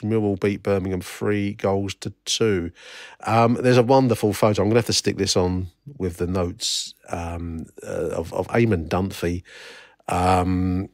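Middle-aged English male host, wry and meandering, lower voice, dry booth sound. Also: no echo. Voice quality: wry, rambling, many fillers and restarts. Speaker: podcast host. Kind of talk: casual solo podcast commentary.

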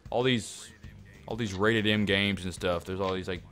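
Deep-voiced young man, rambling casually. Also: fairly even intonation, moderate pace, fairly bright tone, soft background music. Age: young adult. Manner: rambling, restarts, swears casually. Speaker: podcast co-host. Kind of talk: casual chat.

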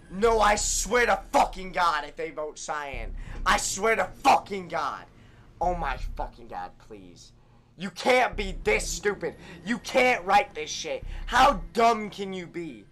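A young man giving live commentary on his own gameplay, ranting and swearing in exasperation, swinging from shouts down to muttering. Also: high voice, expressive, slow, a little hiss or hum. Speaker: gaming streamer.

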